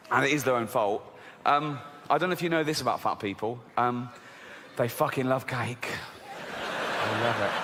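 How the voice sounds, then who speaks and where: A middle-aged man doing a stand-up comedy routine on stage, animated and laughing at his own jokes. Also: high voice, slight background noise. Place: large theater stage with a live audience. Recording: live hall recording with long reverb.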